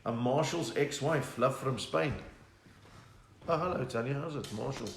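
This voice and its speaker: A man's voice: mid-range voice, unhurried, creaky, reverberant, a little hiss or hum. A South African man, a comedian, chatting casually from his home lounge, reading viewer comments and telling jokes. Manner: chatty, reads viewer comments aloud, slips into put-on voices for jokes. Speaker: comedian hosting a livestream. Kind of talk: casual live-stream chat and stand-up storytelling.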